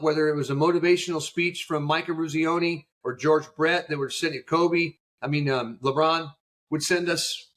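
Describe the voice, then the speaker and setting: A man's voice: a little high, fairly bright tone. A middle-aged man, a youth baseball coach, telling stories in a podcast interview with emotion and fire, acting out what he said to his players. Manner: emotional, fired-up storytelling with acted quotes.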